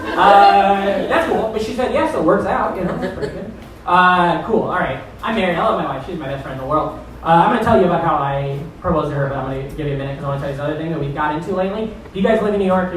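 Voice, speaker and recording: Profane rambling comedy club host. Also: male voice, high-pitched, a little hiss or hum. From Iowa. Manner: rambling, profane, self-deprecating. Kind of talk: stand-up crowd work. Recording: echoey room from far off.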